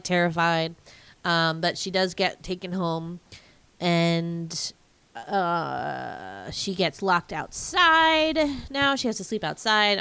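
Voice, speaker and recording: A woman's voice: lowish voice, vocal fry, sharp tone, smooth. A woman hosting a podcast, chatting casually and swearing freely as she retells a film, often laughing and using lots of fillers. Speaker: podcast host.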